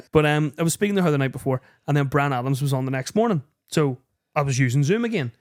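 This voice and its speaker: A man's voice: fairly high pitch, a little fast. Swearing young man telling stories. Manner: animated storyteller, swears freely. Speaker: podcast host and radio presenter. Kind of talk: casual chat.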